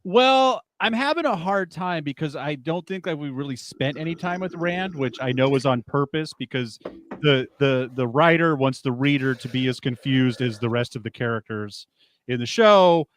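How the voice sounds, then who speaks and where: A man co-hosting a book podcast in casual chat, an animated storyteller who laughs often and does high-pitched voices for the people he quotes. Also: normal speed. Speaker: podcast co-host.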